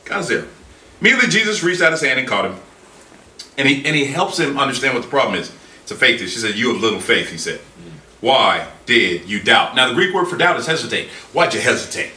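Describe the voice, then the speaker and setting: A man preaching a sermon in an animated way, acting out scripture in dramatic voices. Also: mid-range voice, fast talker. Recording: echoey room from far off with faint ambience.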